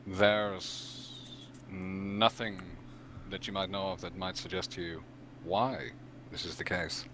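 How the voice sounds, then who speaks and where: A man's voice: low-pitched, flat delivery, takes it slowly, a bit bright, slight background noise. A man playing an elf in a tabletop game, speaking in formal, courtly phrases. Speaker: player. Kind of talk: in-character tabletop role-play.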